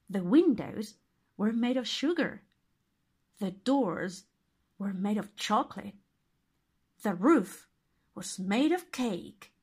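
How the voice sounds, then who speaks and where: A woman reading a fairy tale aloud as narrator, expressive and deliberate. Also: medium pitch, breathy edge. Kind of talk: storybook reading.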